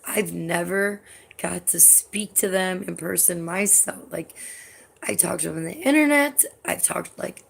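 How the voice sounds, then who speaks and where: Gravelly-voiced woman rambling excitedly. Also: fairly low pitch, measured pace. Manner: rambling, heavy use of "like", swears often. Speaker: vlogger. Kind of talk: casual storytelling vlog.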